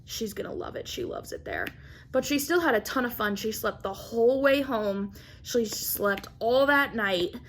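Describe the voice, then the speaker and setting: A young woman vlogger telling a story in a casual, animated way, acting out quotes and laughing often. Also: a little high, moderate pace, a little hiss or hum. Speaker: craft vlogger.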